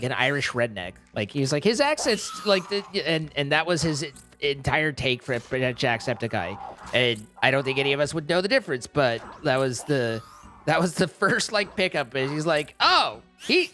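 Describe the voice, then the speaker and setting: During a casual live stream, this man talks in a meandering way, often backtracking to fix what he said and laughing readily. He has a medium-pitched voice that sounds bright and forceful.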